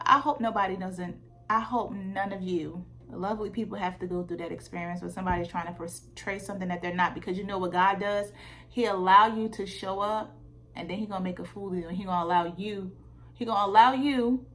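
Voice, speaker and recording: A woman vlogger telling a dating story in a candid, animated way, with lots of fillers. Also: medium pitch. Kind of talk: casual storytime vlog. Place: Georgia.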